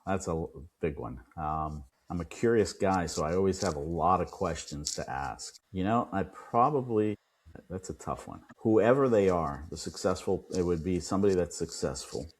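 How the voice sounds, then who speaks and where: A man, an attorney and podcast guest, telling a client story with lively quoted dialogue. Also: deep voice, moderate pace, a little hiss or hum. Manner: animated retelling, acts out quoted dialogue. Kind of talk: storytelling in an interview.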